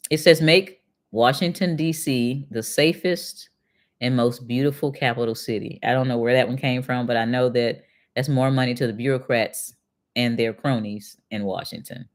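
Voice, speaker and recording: A middle-aged woman hosting a casual commentary, reading passages aloud and then answering them with pointed, conversational questions to her viewers. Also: very deep voice. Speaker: channel host and retired accountant.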